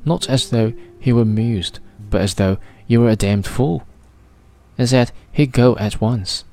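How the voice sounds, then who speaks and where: A man's voice: medium pitch, unhurried, mellow, faint music behind, natural voice. A man voicing a distraught little round man who gasps and pleads. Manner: gasping, pleading.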